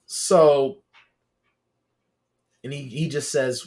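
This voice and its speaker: Man, podcast co-host, casual chat, slightly high voice, animated retelling. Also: measured pace. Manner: animated storyteller, acts out scenes.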